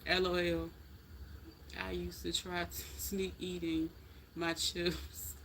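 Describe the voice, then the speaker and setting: A woman's voice: lowish voice, flat delivery, slow, fairly bright tone, slight background noise. A middle-aged woman hosting a casual live stream, chatting in a folksy way straight to her viewers. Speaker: livestream host chatting with viewers.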